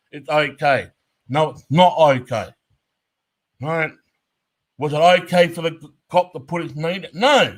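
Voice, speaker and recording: Profane, ranting man with raised pitch. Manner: profane, blunt and emphatic. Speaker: commentator. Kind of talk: heated commentary rant.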